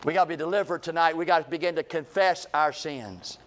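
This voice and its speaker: Preacher swinging loud to hushed. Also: male voice, a little fast. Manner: swings from booming to hushed, repeats phrases. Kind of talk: revival sermon.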